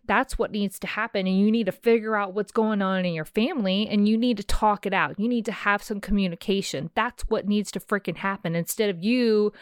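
A woman in her thirties hosting a casual solo podcast, talking in an animated, emphatic way and calling the listener "sis". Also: mid-range voice, smooth, dry recording, studio quality. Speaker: podcast host.

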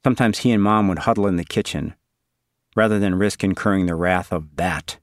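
Low-voiced man narrating a story. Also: dry recording, clean studio sound. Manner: measured, wry, inward storytelling. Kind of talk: scripted literary narration.

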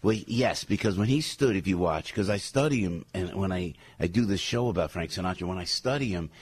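A husky-voiced man from New Jersey talks as a radio guest. He gushes with animated enthusiasm and often circles back to repeat his point. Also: low-pitched, fairly quick, no echo. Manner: animated, gushing, repeats himself. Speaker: guest, stage performer.

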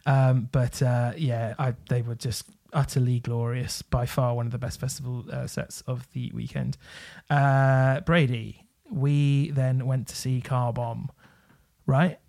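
A man's voice: mid-range voice, level tone, measured pace, vocal fry, a little mellow. A man hosting a casual chat, enthusiastic and freely swearing, with plenty of ums and uhs.

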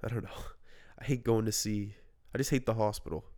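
A man's voice: lowish voice, fairly even intonation, a little fast, warm tone. A man hosting a casual podcast chat with a stuffed-up nose, talking in a rambling, self-deprecating way. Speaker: podcast host.

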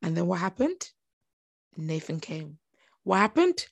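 A young woman recapping a TV episode in a chatty vlog, animated and gossipy, acting out her own reactions. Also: on the low side, unhurried, vocal fry, dry recording. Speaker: TV show reviewer.

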